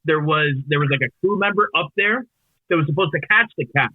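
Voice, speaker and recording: Husky man on a tinny line. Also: on the high side, fast, no echo. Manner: relaxed, shares trivia. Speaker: podcast co-host. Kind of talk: casual chat.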